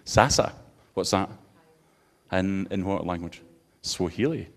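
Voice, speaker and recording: A man's voice: low voice, takes it slowly. A man, a pastor giving an interactive sermon and bantering playfully with his congregation.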